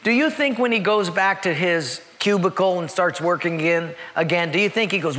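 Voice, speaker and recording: A male pastor delivers an earnest, emphatic sermon and leans on repeated key words. His voice is bright and forceful and sits a little high for a man. It rings out through a large church hall with a long echo. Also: normal speed, few pauses. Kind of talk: sermon with storytelling.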